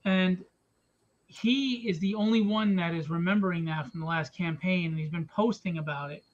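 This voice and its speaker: A man's voice: sits high, normal speed. A man hosting a live stream from home in a casual, joking, teasing way. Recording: dull lo-fi stream audio with faint noise.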